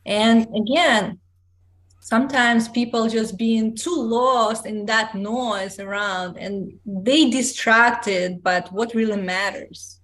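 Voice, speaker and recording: A woman hosting a podcast interview, speaking in a calm, reflective and encouraging way. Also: a little high, slow pace. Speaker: podcast host.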